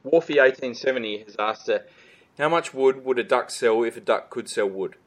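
An Australian man hosting a casual fan podcast, reading listener questions, passionate and prone to swearing. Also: normal speed. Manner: passionate, swearing, trailing off low.

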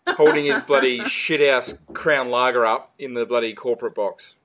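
A man's voice: fairly even intonation, normal speed, fairly bright tone. An Australian man hosting a casual fan podcast, reading listener questions, passionate and prone to swearing. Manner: passionate, swearing, trailing off low.

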